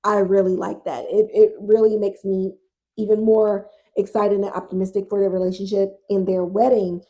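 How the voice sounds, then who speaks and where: A woman hosting a casual TV recap podcast, animated and exasperated, swearing freely and talking to listeners as y'all. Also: medium pitch, moderate pace, lo-fi sound. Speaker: podcast host.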